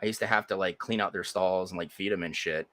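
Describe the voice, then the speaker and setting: A man co-hosting a podcast, telling a story in casual chat, animated and laughing, acting out voices as he goes. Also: low-pitched, fast talker. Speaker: podcast co-host.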